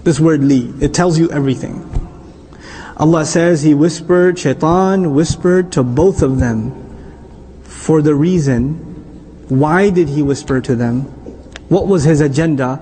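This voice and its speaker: Animated man teaching a religious class. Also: fairly high pitch, a little slow, slight background noise. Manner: animated, quizzes the audience. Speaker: Islamic teacher.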